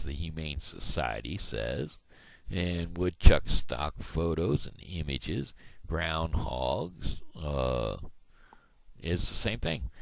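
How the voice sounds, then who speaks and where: Midwestern man, deep and lively in pitch, folksy meandering vlogger with lots of fillers. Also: vocal fry. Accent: Midwestern American. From Missouri, USA. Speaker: video blogger. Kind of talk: casual rambling vlog.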